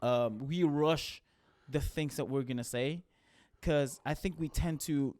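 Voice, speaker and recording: A young man from the Philippines co-hosting a casual podcast chat, animated and rushing his words. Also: a little high, no room sound, clean studio sound. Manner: animated, rushes his words, repeats phrases. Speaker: podcast co-host.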